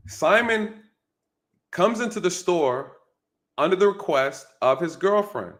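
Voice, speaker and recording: A man's voice: sits high, expressive, slow pace. A man commenting on a news clip for his viewers, talking casually and emphatically, often asking rhetorical questions and checking in with "right?".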